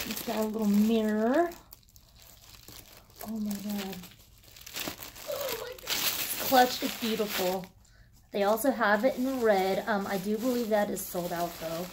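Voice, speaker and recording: A woman filming a casual unboxing vlog, gushing with excitement and swearing casually as she shows off what she got. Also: medium pitch, background noise. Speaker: vlogger.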